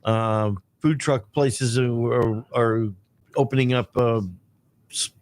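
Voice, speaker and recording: A man co-hosting talk radio, speaking haltingly with many restarts. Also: mid-range voice, steady tone, darkish tone. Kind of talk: casual talk radio chat. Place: radio studio.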